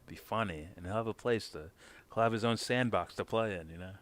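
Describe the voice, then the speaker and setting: Deep-voiced man hosting a live stream. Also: fast talker. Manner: profane, animated, mocking. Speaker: stream host. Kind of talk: casual livestream chat.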